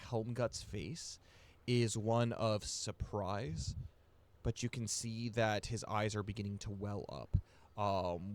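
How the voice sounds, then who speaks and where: A man running a tabletop game as game master, narrating scenes in a hesitant way with frequent pauses and restarts. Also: lowish voice. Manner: hesitant, many fillers and restarts while describing.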